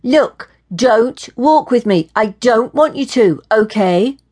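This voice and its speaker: A woman's voice: a little high, animated, drawn-out words, pitched above the performer's own voice, exaggerated voice. A woman reading an audiobook, voicing an irritated young woman who speaks sharply and in exasperation to a stranger. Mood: irritated, fed up.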